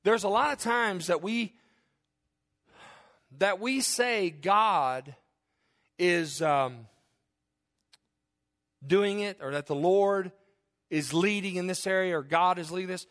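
A middle-aged man, preaching a sermon as pastor. His voice sits high for a man. He talks in an animated way and keeps slipping into the voices of his listeners and of the people in his stories. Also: takes it slowly, long pauses.

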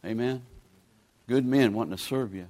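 A man's voice: mid-range voice, moderate pace, a little mellow. A man, preaching a sermon in a folksy, pleading, conversational way as a guest preacher. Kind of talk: sermon with altar call.

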